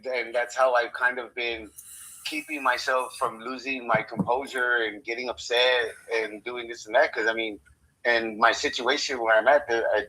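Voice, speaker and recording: A man's voice: medium pitch, bright, forceful tone, breathy edge, poor audio. A man co-hosting a podcast, telling a story in casual, rambling talk full of swearing. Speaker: podcast co-host. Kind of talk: casual conversation.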